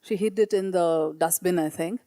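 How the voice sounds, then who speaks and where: Woman, teacher, conference presentation, warm soft tone, earnest and halting. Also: fairly low pitch, no room sound. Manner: earnest, with frequent hesitations and readings aloud. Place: meeting room.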